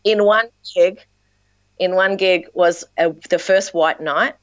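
A woman with an Australian accent, a dance teacher and performer, telling animated stories in casual podcast chat. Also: fairly low pitch, slow pace, no echo, highs cut off. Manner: animated storyteller, acts out quotes.

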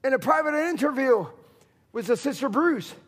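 A man's voice: very high voice, expressive, normal speed, fairly bright tone, breathy edge. A man preaching a sermon in a church, emphatic and repetitive in his delivery. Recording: long hall reverb.

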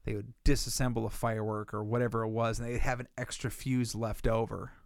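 Mid-range and flat, with vocal fry, a man talks briskly as he co-hosts a laid-back podcast. He rambles through profane stories and acts out the things people said.

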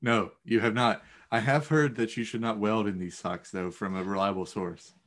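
A young man co-hosting a casual podcast, making dry, deadpan jokes. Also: lowish voice, moderate pace. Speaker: podcast co-host. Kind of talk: casual chat.

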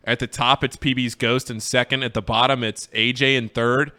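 Bright, smooth-voiced male radio host. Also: medium pitch, moderate pace. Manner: animated play-by-play calling of a race; earnest and sincere when reflecting. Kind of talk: casual sports radio chat.

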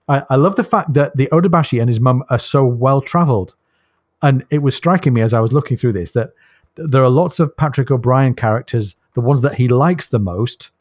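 A man's voice: medium pitch, a little mellow, no echo, studio quality. A man co-hosting a casual book podcast, recounting the story with enthusiasm and frequent laughs. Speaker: podcast co-host.

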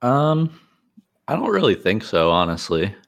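A man's voice: fairly low pitch, big pitch swings, measured pace, creaky. A man co-hosting a casual podcast, laid-back and joking. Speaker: podcast co-host.

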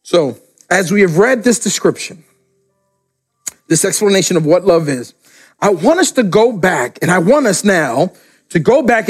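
An older man preaching a sermon in a room, slow and emphatic, dropping low and quiet to stress his points. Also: animated, breathy edge, soft background music. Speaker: pastor. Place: room with camera, daughter filming.

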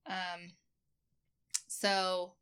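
A woman's voice: fairly low pitch, flat delivery, very slow, background noise. A woman co-hosting a podcast in casual chat, with dry, teasing remarks. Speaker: podcast co-host.

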